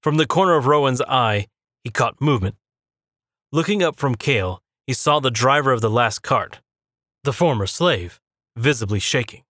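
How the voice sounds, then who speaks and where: A man narrating a fantasy story in a steady, measured reading. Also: mid-range voice, dry recording, clean studio sound. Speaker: audiobook narrator.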